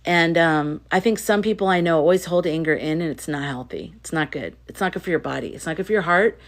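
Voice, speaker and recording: Woman, livestream host, casual chat, fairly low voice, emphatic, repeats phrases. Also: brisk. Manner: chatty, emphatic, repeats herself. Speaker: livestream host reading viewer comments.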